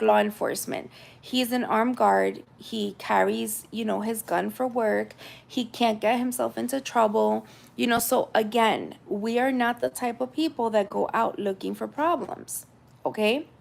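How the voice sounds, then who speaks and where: A woman's voice: a little high, gravelly. A woman in her thirties from the United States, telling a personal story in a chatty, casual way with lots of fillers. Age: 30s. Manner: chatty, animated retelling with many fillers.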